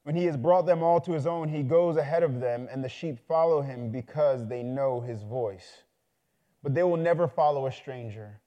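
A man's voice: medium pitch, normal speed, dark tone, muffled recording. A man preaching a sermon, telling a story in a loose, conversational way and building to fervent appeals.

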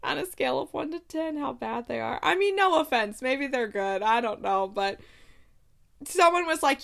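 A woman's voice: sits high, animated, moderate pace, gravelly, fairly bright tone. A woman chatting casually about books, laughing and reacting in disbelief as she reads blurbs aloud. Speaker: book vlogger. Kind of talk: casual book review chat.

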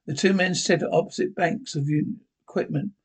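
A man's voice: a little high, normal speed, breathy edge. A man reading a script and its stage directions aloud in a plain way, with small slips and restarts.

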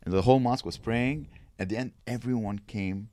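A young man from Lebanon co-hosting a podcast, talking in a rambling, emotional way, swearing, his voice dropping soft on the sad parts. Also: medium pitch, brisk, no echo. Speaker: podcast co-host. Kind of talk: casual podcast chat.

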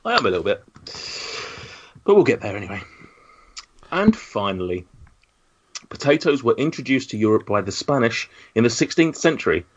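A man's voice: mid-range voice, very animated, moderate pace, pauses often, husky. A man hosting a casual podcast, giving jokey, teasing introductions of his guests. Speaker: podcast host. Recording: dull lo-fi recording.

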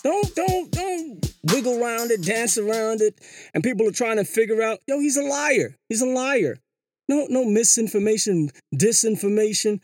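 A vlogger rambles through a casual monologue commentary in a sing-song, slangy voice. The pitch swings widely, and the speaker repeats words and poses rhetorical questions. Hip hop music plays clearly underneath. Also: big pitch swings, moderate pace, a little mellow, no echo, clean studio sound. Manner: slangy, says "yo" and "you know" often.

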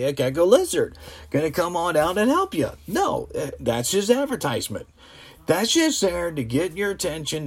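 A man talking on his own channel in a loose, rambling commentary. His voice sits somewhat high, and he sounds exasperated and opinionated as he trips over restarts. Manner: rambling, full of restarts and fillers. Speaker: vlogger.

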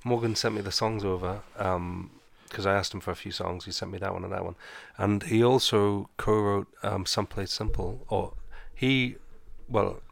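Male radio DJ, low gravelly voice, relaxed and teasing. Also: moderate pace, few pauses, dry recording. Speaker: radio host and DJ. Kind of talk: casual chat between records.

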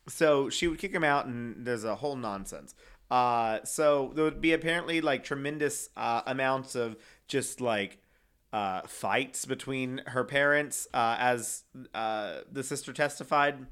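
A young man talks through a true-crime story in a loose, casual way. He wanders, fills gaps with "uh" and "um", and reads quotes aloud in his ordinary middle-pitched voice. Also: slow pace, fairly bright tone, clean tone. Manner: rambling with many fillers, reading quotes aloud. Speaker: co-host.

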